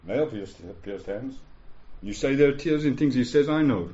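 A man preaching with an earnest, pleading urgency, often pausing to check in with his listeners. His voice is mellow and dark at a middling pitch. The recording sounds dull and lo-fi. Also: animated. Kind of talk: sermon.

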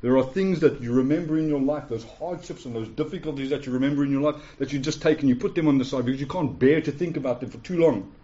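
A man in his forties delivers a sermon in a warm, relaxed voice, pressing his points by repeating them and asking his listeners "yeah?". The recording is dull and lo-fi. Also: medium pitch, quick pace, few pauses. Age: 40s. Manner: emphatic, repeats phrases, asks the room "yeah?". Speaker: pastor. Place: church hall with a live congregation.

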